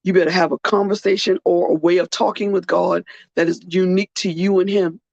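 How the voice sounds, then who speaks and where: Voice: mid-range voice, steady tone, fairly quick, vocal fry, darkish tone, dry recording. A podcast host, tired and earnest, speaking in a personal heartfelt monologue and repeating phrases for weight. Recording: dull, muffled dry recording.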